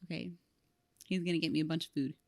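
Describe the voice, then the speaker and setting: A woman's voice: low voice, fairly even intonation, fast talker, a little mellow, dry recording. A woman co-hosting a podcast, chatty and giggly, with a lot of fillers. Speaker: podcast co-host. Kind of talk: casual chat. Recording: dry close studio sound.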